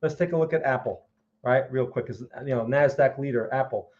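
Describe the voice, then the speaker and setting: A man's voice: mid-range voice, fairly quick, darkish tone, dull audio. A man hosting a live market analysis stream, speaking emphatically and often checking in with "okay?" and "right?". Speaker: trading analyst host.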